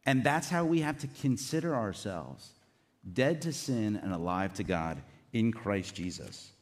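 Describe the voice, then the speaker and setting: A man's voice: fairly low pitch, lively intonation, measured pace. Man preaching in a reverberant hall. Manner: earnest, conversational preaching with asides. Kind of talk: sermon.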